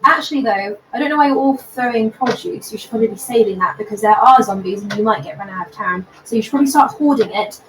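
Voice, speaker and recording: A woman's voice: on the high side, quick pace, few pauses, slight background noise. Bold woman player, slightly distant. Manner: bold, argumentative in character. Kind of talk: in-character tabletop play.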